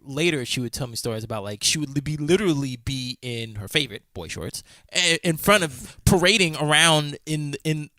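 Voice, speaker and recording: A man's voice: on the high side, expressive, fairly quick, hardly any pauses, sharp tone, dry recording, studio quality. A man co-hosting a casual podcast chat, telling stories animatedly, laughing often and swearing casually. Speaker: podcast co-host.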